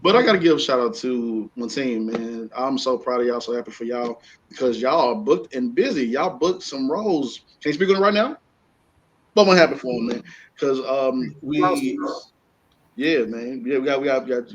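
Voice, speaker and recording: A man's voice: medium pitch, moderate pace. A man hosting a casual comedy podcast, joking and acting out little scenes. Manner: animated, acts out voices while joking. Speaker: podcast host. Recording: slightly dull lo-fi sound.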